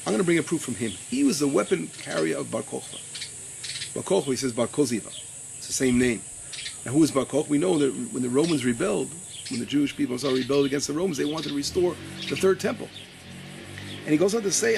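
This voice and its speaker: A male rabbi gives a Torah lesson in a gravelly, slightly high voice. He trips over words, repeats himself and draws out the quotes he reads. Steady noise sits under the recording. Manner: searches his papers aloud, stumbles and repeats words; reads quotes slowly with emphasis.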